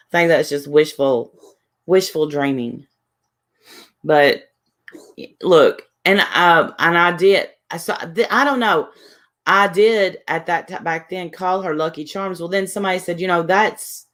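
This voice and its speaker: A woman's voice: low-pitched, fairly bright tone. A woman, chatting casually on a livestream, rambling defensively and reading viewers' messages aloud. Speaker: livestream host.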